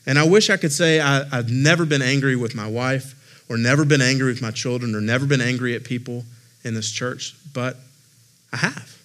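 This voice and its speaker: A pastor in his forties delivers a sermon from the pulpit, talking with his congregation as much as preaching at them. He is expressive and conversational and pokes fun at himself. His voice sits at an everyday middle pitch for a man. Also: fairly quick. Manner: expressive, conversational preaching with self-deprecating humor. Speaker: lead pastor. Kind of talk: sermon with personal storytelling.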